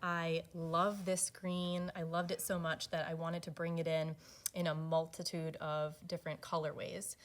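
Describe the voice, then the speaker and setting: A woman giving an enthusiastic, relaxed walkthrough of furniture fabric pairings. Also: deep voice, a little slow. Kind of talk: product walkthrough.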